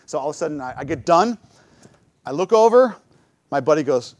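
A middle-aged man with a high-pitched voice talks fast while giving a church talk. As the church speaker, he tells lively personal stories and acts out what he and other people said.

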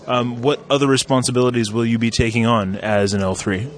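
A man conducting a relaxed interview, talking in a chatty way that is full of ums and restarts. His pitch sits in an ordinary middle range. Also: a little fast. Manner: chatty, many fillers and restarts. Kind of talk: casual interview.

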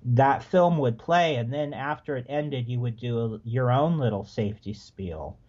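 A man's voice: medium pitch, normal speed, dull audio. A man guesting on a podcast, casually telling rambling stories about a past job. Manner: relaxed, rambling, frequent restarts. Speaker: podcast guest, former theme park worker. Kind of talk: casual storytelling.

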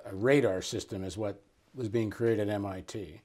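A man's voice: fairly low pitch, steady tone, a little fast, a little mellow. A man interviewing a guest, pressing with short clarifying questions. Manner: probing, clarifying follow-up questions.

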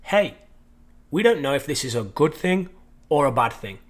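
A man voicing a calm, wise father in a spoken parable, speaking in a measured way. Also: a little high. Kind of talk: storytelling.

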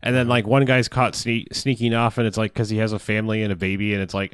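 A man's voice: on the low side, steady tone, quick pace, few pauses, clear, resonant tone, dry recording. A man in casual chat, recapping a film in a rambling, profane way, laughing often and acting out lines from it.

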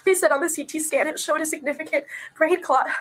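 A woman, a mother, recounting events in a recorded police interview, distraught and soft-voiced, her voice often breaking into tears. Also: sits high, quick pace, rough recording. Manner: soft-voiced, quiet when upset. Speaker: mother being questioned by police.

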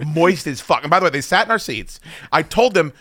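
A man with a somewhat high, very lively voice tells a story on a radio show, excitable and profane. His tone is bright and forceful, and the sound is close and dry. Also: fairly quick, no echo. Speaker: radio co-host. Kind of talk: casual chat, movie review.

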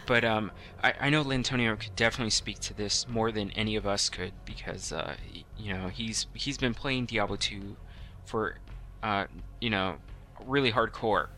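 A man's voice: on the low side, moderate pace, pushed and bright. A middle-aged man co-hosting a casual podcast, rambling with lots of restarts and fillers. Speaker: podcast co-host.

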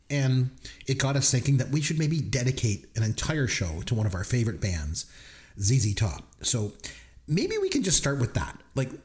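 A man co-hosting a podcast in casual chat, telling stories with animated delivery. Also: medium pitch. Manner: animated storyteller, puts on voices when retelling. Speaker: podcast co-host.

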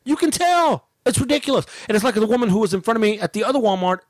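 A man's voice: sits high, racing, dry recording. A man telling a story on a casual podcast, acting out the people he quotes and swearing freely. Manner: animated storytelling, acts out quotes, swears a lot. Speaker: podcast co-host.

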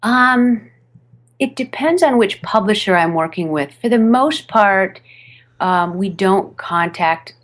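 A woman who narrates audiobooks, chatting animatedly in an interview, with fillers and quick restarts. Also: mid-range voice, animated. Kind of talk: podcast interview chat. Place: home studio over a video call.

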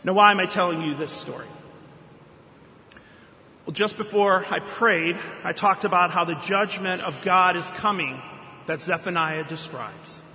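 A middle-aged man delivers a sermon in a high, bright voice, telling a story from home and then reading scripture with earnest feeling. His words ring out in a roomy church with a long reverb and faint room noise behind him. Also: a little slow. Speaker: pastor.

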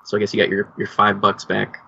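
A man's voice: on the low side, monotone, quick pace, vocal fry, bright, forceful tone, breathy edge, lo-fi sound. A man co-hosting a podcast, chatting casually and teasing his co-hosts in a dry way. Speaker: podcast co-host. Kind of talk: casual chat.

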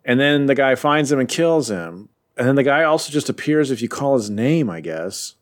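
A man in casual chat, recapping a comic as a podcast co-host, animated and jokey. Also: medium pitch. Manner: animated, puts on quick silly voices while retelling.

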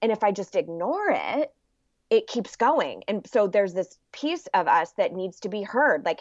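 A woman's voice: mid-range voice, big pitch swings, unhurried, no echo. A woman guest in a casual interview, explaining things earnestly and sometimes acting out an inner voice. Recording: dull lo-fi sound.

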